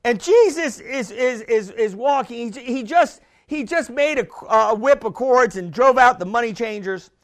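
Male preacher, very high voice, emphatic and repeating himself, building to shouts. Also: expressive, measured pace, few pauses. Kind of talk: sermon.

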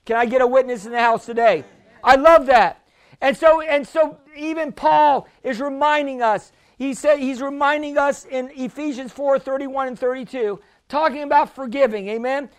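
A pastor preaching a healing sermon, fervent and often shouting, calling for responses from the congregation. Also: male voice, very high voice, moderate pace.

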